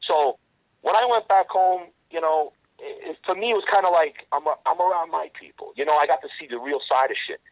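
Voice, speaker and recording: A man's voice: a little high, a little fast, dry recording, muffled recording. A man guest in an interview, telling a war story in blunt, profane language and often restarting his sentences. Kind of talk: casual storytelling.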